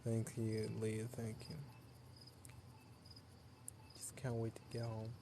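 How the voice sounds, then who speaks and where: A man's voice: lowish voice, completely flat delivery, slow pace, noisy background. Tired young man streaming outdoors at night. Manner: tired, loose, laughs often, chatty with viewers. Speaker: live streamer. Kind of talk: casual late-night live stream chat.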